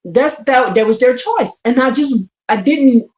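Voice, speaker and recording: A woman teaching scripture on a live stream, reading verses aloud and firing questions at her listeners with excitement. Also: high voice, unhurried. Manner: animated and exclamatory, reads verses then asks the audience questions. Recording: echoey room.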